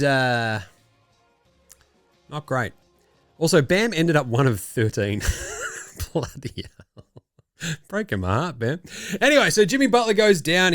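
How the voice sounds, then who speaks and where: An Australian man hosting a casual sports talk show, animated and swearing freely. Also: mid-range voice, no echo, clean studio sound. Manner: animated, swearing, laughing asides. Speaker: podcast host.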